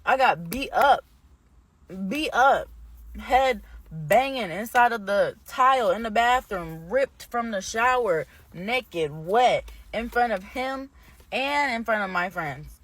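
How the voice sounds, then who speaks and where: A woman's voice: on the high side, animated, slow pace, a bit bright. Candid young woman telling a story. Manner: candid and rambling, heavy on "like"; grows heated and indignant. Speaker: vlogger. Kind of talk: casual storytime monologue.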